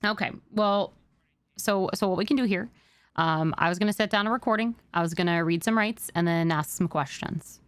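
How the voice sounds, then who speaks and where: A woman's voice: mid-range voice, normal speed, clear, resonant tone, no room sound. Woman, roleplay police sergeant, casual and joking, dry close mic. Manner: casual, joking, laughs easily. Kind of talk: roleplay interrogation.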